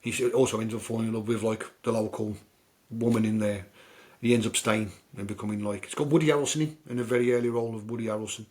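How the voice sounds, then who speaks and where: Lowish, steady, and a little mellow, a British man talks fast as he hosts a podcast about films. His recaps ramble in a loose, chatty style, filled with fillers.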